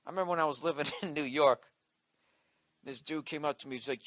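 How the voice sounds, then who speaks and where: A man's voice: fairly high pitch, fast talker, fairly bright tone, no echo. A male comedian delivering a profane, combative comedic rant on his podcast.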